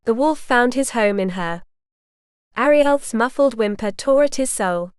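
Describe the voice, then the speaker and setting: A woman narrating a romance audiobook in a measured, even storytelling manner. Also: a little high, clean tone, dry recording, studio quality. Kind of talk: scripted narration.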